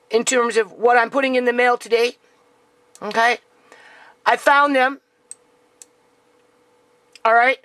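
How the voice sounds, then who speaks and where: A woman's voice: high-pitched, sharp tone, no room sound, poor audio. A grieving mother talking to camera in an emotional vlog, near tears, who keeps asking "okay?" and calling out to "people".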